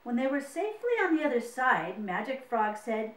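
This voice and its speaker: A woman's voice: on the high side, very animated, moderate pace, few pauses, recorded from a distance. A woman storyteller reading a picture book aloud, with friendly asides to young listeners. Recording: roomy, mic set away.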